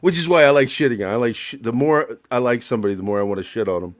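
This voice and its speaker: A man's voice: mid-range voice, rapid-fire, no echo. A man guesting on a livestream, joking and teasing in casual chat over a video call. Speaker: guest YouTuber.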